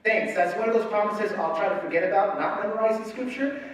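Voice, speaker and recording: Animated man preaching in an echoey hall. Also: high voice, quick pace. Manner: animated storytelling, acting out family voices. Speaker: pastor. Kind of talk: sermon with a personal story. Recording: echoey hall, speaker far from mic.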